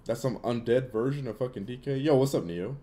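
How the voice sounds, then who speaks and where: A man's voice: medium pitch, brisk, dark tone. A young man hosting a casual gaming Q&A livestream, giving blunt opinions in loose, filler-heavy talk. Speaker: livestream host answering chat.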